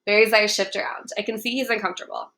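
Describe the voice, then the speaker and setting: A woman reading a young-adult novel aloud in first person, in a clear, even storytelling manner. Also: mid-range voice, fast talker. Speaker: audiobook narrator. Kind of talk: first-person audiobook narration.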